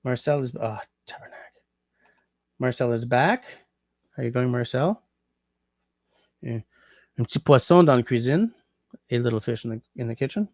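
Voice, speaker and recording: Gravelly man chatting on a livestream. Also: mid-range voice, moderate pace, pauses often, a little mellow, no echo, clean studio sound. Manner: muses aloud, trying out French translations. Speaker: livestream host. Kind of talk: casual livestream chat reading comments.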